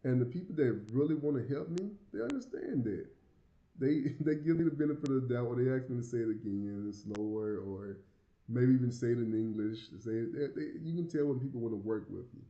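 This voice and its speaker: Southern us guy w a lisp, rambly casual vlog talk, super mellow deep tone, kinda echoey. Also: animated, a little fast, dull audio. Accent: American Southern. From United States. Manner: rambling, repeats words, chuckles often. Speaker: vlogger living abroad.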